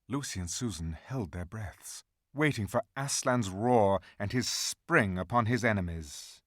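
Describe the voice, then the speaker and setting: Man reading a fantasy book aloud, slow, lively pitch, crisp bright dry voice. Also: no room sound. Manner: measured, dramatic storytelling. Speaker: audiobook narrator. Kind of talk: scripted fantasy narration.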